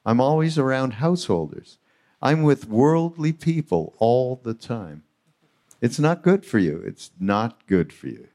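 A man's voice: mid-range voice, big pitch swings, a little slow, warm tone. A man voicing a playful old male Indian holy man who teases with wide-eyed innocence, performed on a live retreat stage. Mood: insistent.

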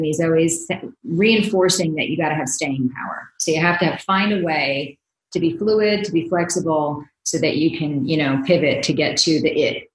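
A woman's voice: fairly low pitch, roomy sound, rough recording. A woman from New Jersey, a blogger guest on a podcast, chatting casually with lots of fillers and laughs. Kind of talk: casual interview chat.

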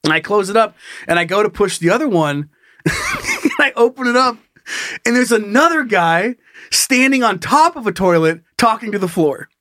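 A man's voice: high voice, big pitch swings, moderate pace, sharp tone, a little hiss or hum. A man in casual chat, telling a story with lots of swearing and laughter.

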